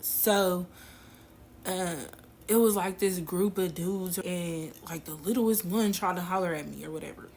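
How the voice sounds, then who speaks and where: A woman's voice: lowish voice, measured pace, a little mellow, a little hiss or hum. A woman casually telling a personal story to her viewers, slangy and laughing as she goes.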